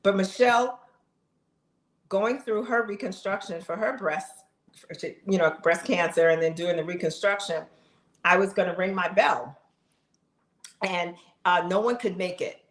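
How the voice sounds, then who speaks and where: A woman's voice: lowish voice, unhurried, long pauses. A woman in her fifties, a vlogger talking straight to her viewers in a casual, heartfelt, emphatic way. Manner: emphatic, chatty, talks straight to the audience. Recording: roomy echo.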